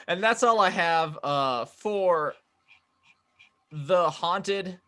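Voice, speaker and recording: A man's voice: high voice, animated, drawn-out words, bright, forceful tone. A man co-hosting a comedy podcast, reading out facts and laughing easily. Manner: reads out facts, stumbles on names, laughs easily. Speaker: podcast co-host. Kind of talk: casual comedy podcast chat.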